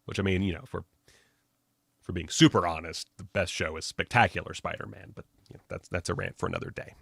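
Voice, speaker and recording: A man's voice: sits low, steady tone, brisk, creaky, bright, forceful tone, husky, no room sound, studio quality. A man narrating a movie-trivia video in a casual, enthusiastic way, with joking asides. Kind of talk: casual pop-culture commentary.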